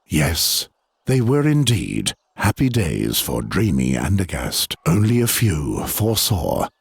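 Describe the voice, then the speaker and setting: A man's voice: low-pitched, very animated, takes it slowly, creaky, slightly rough, heavily acted. A man giving solemn, scripted narration for a video game. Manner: solemn, storytelling.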